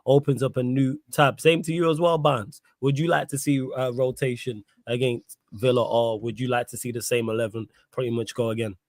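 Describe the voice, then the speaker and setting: A man's voice: mid-range voice, steady tone, fairly quick, few pauses, no room sound. A man hosting a casual podcast, reading out chat comments, slangy and given to laughing. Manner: laughs a lot, uses London street slang like "big up" and "yo". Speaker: podcast host.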